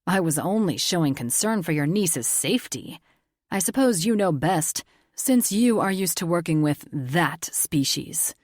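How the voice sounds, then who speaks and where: A woman voicing a sleazy, condescending male agent who talks in a slow drawl. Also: low-pitched, steady tone, a little mellow, no room sound, studio quality, lightly acted.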